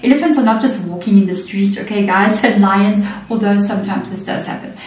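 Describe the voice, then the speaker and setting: A woman's voice: mid-range voice, a little fast, darkish tone, slight background noise. A woman giving a chatty tarot reading, often checking in with "okay" and "you know what I mean.". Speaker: tarot reader. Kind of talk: casual spiritual reading. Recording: echoey room, mic at a distance.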